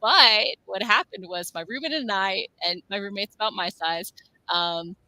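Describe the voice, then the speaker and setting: Bright-voiced woman chatting on a stream. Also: mid-range voice, normal speed. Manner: chatty, reads out chat comments. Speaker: stream co-host. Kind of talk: casual chat on a live stream.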